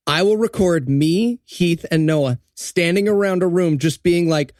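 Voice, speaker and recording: A man co-hosting a comedy podcast, riffing excitably and laughing at his own jokes. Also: high-pitched, unhurried, few pauses, no echo, studio quality. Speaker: podcast co-host. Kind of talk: comedic movie-review banter.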